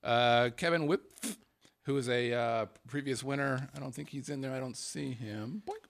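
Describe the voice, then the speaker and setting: A man's voice: mid-range voice, moderate pace, vocal fry, fairly bright tone. A middle-aged man hosting a casual live stream, reading out contest entries with crude jokes. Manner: joking, profane, reads names in a sing-song way. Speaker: show host.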